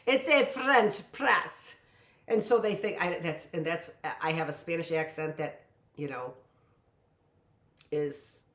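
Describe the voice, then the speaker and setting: A woman's voice: fairly low pitch, roomy sound. A woman in her late fifties giving a rambling, chatty live lesson from her home kitchen. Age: 50s. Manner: rambling, chatty, lots of "you know". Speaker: teacher. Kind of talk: casual live-stream lesson.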